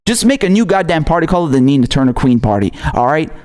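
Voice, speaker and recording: A man hosting a political commentary livestream and reading out viewer messages. He rants angrily with lots of swearing and laughs in between. His voice sits a little high for a man. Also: sing-song, fast talker, darkish tone. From outside the United States. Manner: angry, profane ranting with laughter.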